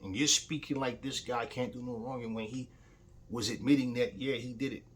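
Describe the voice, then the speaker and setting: A man's voice: mid-range voice, fairly even intonation, brisk, a bit bright. A man talking in a casual opinion vlog as a boxing commentator, telling stories bluntly and heatedly, with frequent swearing.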